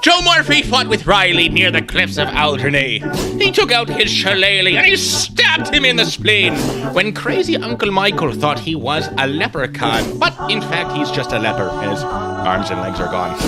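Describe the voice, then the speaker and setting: A man's voice: on the high side, very animated, moderate pace. A man putting on an Irish accent to play a boozy pub singer belting out a comic drinking ballad. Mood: rowdy singing. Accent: put-on Irish. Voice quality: loud, bellowing chorus lines. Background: instrumental music.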